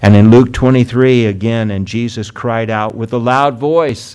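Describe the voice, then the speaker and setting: A man preaching a sermon to his congregation, earnest, calling them friends and beloved, rising loud on key words and slowing down to read scripture. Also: mid-range voice, fairly even intonation. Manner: earnest preaching, drops loud then soft for emphasis, slows on scripture. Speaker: pastor.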